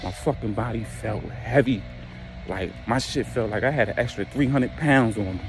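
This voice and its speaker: A man's voice: lowish voice, normal speed, music in the background. A young man tells a casual, profane storytime monologue and acts out his own reactions. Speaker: storyteller vlogger.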